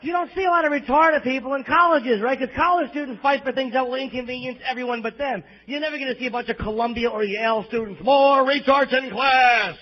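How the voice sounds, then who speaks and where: A man's voice: extremely high pitch, fast, few pauses. A man with a New York accent doing a crude, self-deprecating stand-up set at a live club, on a muffled bootleg recording. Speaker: stand-up comedian. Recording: muffled bootleg audience tape.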